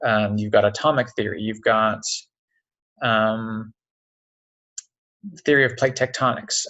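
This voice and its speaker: A man teaching a science lesson online. He explains step by step, often pauses with "um" and checks in with "okay?". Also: lowish voice, flat delivery, sharp tone, low-quality recording. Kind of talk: recorded online lecture. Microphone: computer mic on a video call.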